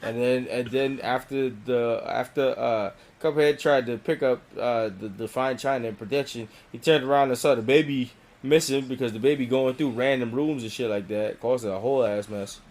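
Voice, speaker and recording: Man, podcast co-host, casual, laid-back, profane, medium-pitched voice. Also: steady tone, normal speed, hardly any pauses, darkish tone. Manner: laid-back, profane, retells scenes in detail. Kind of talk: casual chat reviewing a cartoon.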